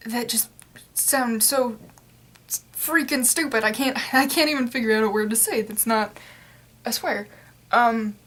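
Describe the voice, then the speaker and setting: A woman's voice: a little high, fairly bright tone. A young adult woman talking straight to camera in a casual vlog rant, rambling and exasperated, with lots of fillers. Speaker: vlogger.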